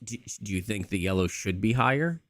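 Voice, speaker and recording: A man's voice: fairly low pitch, animated, brisk, dry recording, studio quality. A man hosting a livestream, casually muttering to himself as he adjusts his microphone settings. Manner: muttering to himself while tweaking mic settings. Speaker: livestream host. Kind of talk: casual streaming chat.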